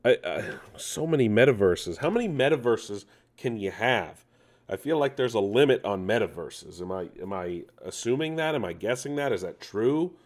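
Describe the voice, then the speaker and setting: A man hosting a relaxed nerd news show, speaking in a slightly low voice. He rambles playfully and breaks off into jokey asides to himself. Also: normal speed. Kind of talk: casual news chat.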